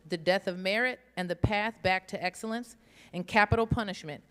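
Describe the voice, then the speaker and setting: A woman chairing an event, reading a formal introduction of a speaker in a measured way. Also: medium pitch, a bit bright, smooth. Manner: measured, reads from notes. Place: large conference hall. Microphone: stage microphone. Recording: long hall reverb.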